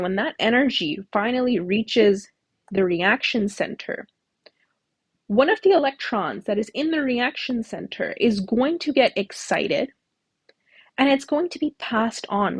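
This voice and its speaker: Woman tutor, husky and dry, explaining step by step with rhetorical questions. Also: medium pitch, no room sound. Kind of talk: whiteboard lecture.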